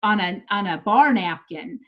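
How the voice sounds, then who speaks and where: A woman's voice: mid-range voice, expressive, unhurried, muffled recording. A middle-aged woman chatting casually and telling blunt, profane stories. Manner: blunt, swearing storyteller. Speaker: comedian. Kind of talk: casual unedited chat.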